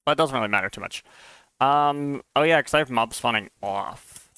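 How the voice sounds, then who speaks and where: A man's voice: medium pitch, moderate pace, bright, forceful tone, clear, resonant tone, no room sound. A man streaming as he tests his own game mod, thinking aloud in a casual, musing way and often unsure of what he sees. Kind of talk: casual live-stream commentary while testing a game mod.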